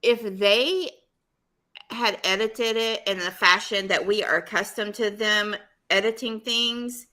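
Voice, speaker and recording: A woman's voice: medium pitch, measured pace, sharp tone. A woman co-hosting a casual podcast chat, emotional and fired up as she talks. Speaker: podcast co-host.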